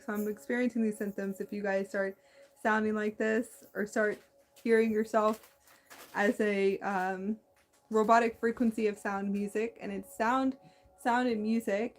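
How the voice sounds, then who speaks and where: A woman hosting a spiritual talk, speaking in a meandering, halting way with many restarts and a slight lisp. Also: mid-range voice. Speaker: spiritual channel host. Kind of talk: casual spiritual monologue.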